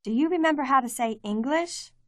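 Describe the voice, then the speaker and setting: Measured woman narrating a language lesson. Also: high voice, animated, dry recording, studio quality. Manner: clear, measured teaching delivery. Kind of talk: scripted instructional narration.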